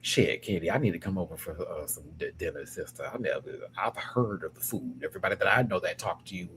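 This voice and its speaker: A reaction show host from the American South, with a Southern accent, reviews things casually in an animated, slang-filled, cuss-heavy way. He has a deep voice and a quick pace, over a little hiss or hum.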